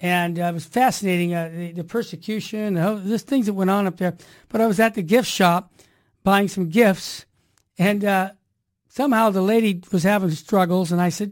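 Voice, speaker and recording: A woman's voice: mid-range voice, steady tone, moderate pace, darkish tone. A woman hosting a religious talk radio show in an emphatic, preachy monologue full of rhyming slogans.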